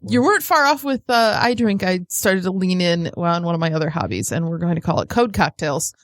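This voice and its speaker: A woman's voice: fairly low pitch, lively intonation, fairly quick, no echo, studio quality. A woman who is an iOS developer, a guest chatting casually on a podcast and laughing easily.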